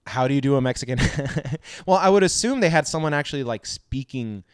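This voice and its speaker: A man's voice: medium pitch, a little fast, clear, resonant tone, no echo, studio quality. A man co-hosting a podcast in casual chat, telling stories with frequent laughs and casual swearing. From Southern California. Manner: laughs often, swears casually, animated storytelling. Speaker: podcast co-host.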